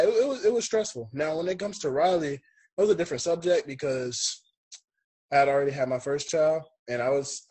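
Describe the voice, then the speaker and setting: Husky-voiced man telling a story on a call. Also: medium pitch, poor audio. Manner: emphatic, animated, acts out dialogue. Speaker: guest, first-time father. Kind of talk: casual personal storytelling. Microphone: video call.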